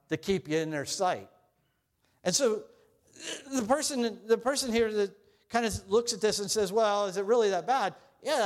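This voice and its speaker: A middle-aged man who is a pastor, earnestly preaching a sermon to his congregation. He swings up loud on scripture quotes and drops low and quiet on his questions.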